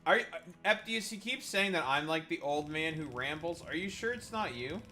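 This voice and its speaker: A man's voice: fairly high pitch, lively intonation, moderate pace, bright, forceful tone, faint music behind. A man hosting a livestream, trash-talking and teasing his chat in a mocking way. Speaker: livestream host.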